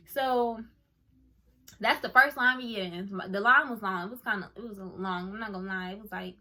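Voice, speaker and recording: Speaking at a moderate pace in a medium-pitched voice, a young woman does a story time for her viewers on camera. She's excitable and effusive, constantly saying "like" and "oh my goodness" as she goes.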